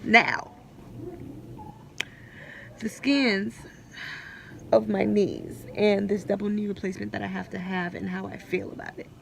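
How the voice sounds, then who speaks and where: A woman's voice: mid-range voice, measured pace, creaky, long pauses. A woman in her late twenties vlogging candidly and bluntly from a hospital room, swearing freely. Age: 20s. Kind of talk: personal hospital vlog. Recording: faint hospital background noise.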